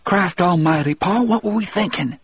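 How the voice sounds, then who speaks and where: A man voicing a frightened young male prison guard with a hissy little voice, pitched well above his own. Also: expressive, brisk, slightly rough, dry recording.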